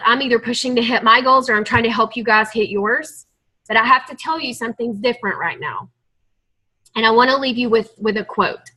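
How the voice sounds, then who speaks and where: A woman's voice: on the high side, bright, forceful tone, low-quality recording. A woman leading a team call, giving an earnest, emotional motivational talk to her group. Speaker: team leader on a coaching call.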